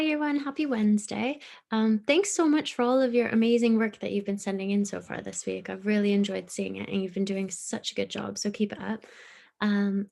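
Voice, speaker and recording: Woman teacher recording a lesson for little kids, patient and encouraging, bit of vocal fry. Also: medium pitch. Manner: gentle, encouraging, explains step by step. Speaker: primary school teacher. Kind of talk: recorded online lesson for young children.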